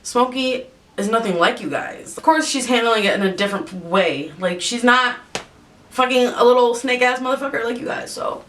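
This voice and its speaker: A woman's voice: normal speed, fairly bright tone. A young woman vlogger ranting with a lot of swearing while she does her makeup at home. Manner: profane, exasperated ranting. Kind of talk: rant while doing makeup. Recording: slightly distant mic, faint rumble.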